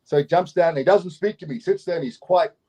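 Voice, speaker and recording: A middle-aged man from Queensland, Australia, with an Australian accent, telling a long travel story as an interview guest, animated and given to repeating his words and chuckling. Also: on the high side, fast, slightly rough. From Doomadgee, Queensland, Australia. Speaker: guest actor and festival promoter.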